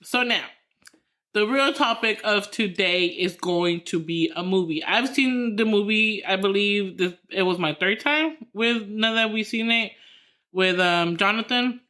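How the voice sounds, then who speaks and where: A woman's voice: mid-range voice, a little slow, bright, forceful tone. A woman co-hosting a podcast in casual chat, rambling through her story with lots of fillers and restarts. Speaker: podcast co-host.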